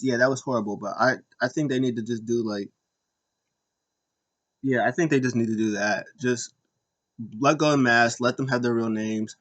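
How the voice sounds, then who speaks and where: Young male podcast host, casual, jokey, rambling wrestling recap. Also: fairly bright tone. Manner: rambling, jokey, mimics wrestlers in high squeaky voices.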